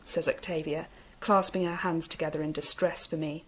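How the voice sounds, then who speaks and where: A woman teacher reads a novel aloud in a steady, expressive way. Her voice sits a little low for a woman. She keeps an even storybook pace through the narration. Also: brisk, few pauses, husky, poor audio.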